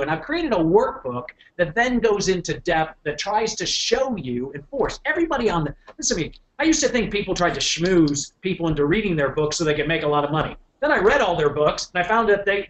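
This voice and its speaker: A middle-aged man giving a motivational business talk to an audience, animated, often repeating words and checking in with the room. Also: sits high, brisk. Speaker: keynote speaker.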